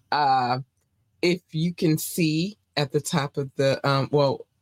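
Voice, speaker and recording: A woman's voice: a bass voice, darkish tone, no room sound. A woman from hosting a casual livestream show, loose and rambling, repeating her words, chewing gum as she talks. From Baltimore, United States. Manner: chewing gum while talking. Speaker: show host.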